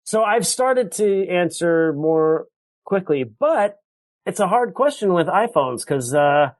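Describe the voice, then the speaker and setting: A man's voice: sits high, big pitch swings, slow, no room sound. A man guesting on a podcast, chatting in a self-deprecating way and often trailing off mid-thought. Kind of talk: casual comedic chat.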